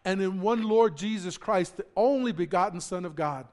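A pastor with a notably high voice delivers his sermon with emphasis. He climbs into loud declarations, then drops low to explain, repeating words as he goes. He often turns to the congregation with questions. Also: normal speed. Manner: emphatic preaching, rising loud on key phrases, dropping low to explain.

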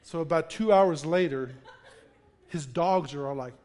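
Male pastor, high tenor, animated storyteller delivering a sermon to his church. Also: normal speed. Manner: animated storyteller, acts out quotes with laughter. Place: church in front of a congregation.

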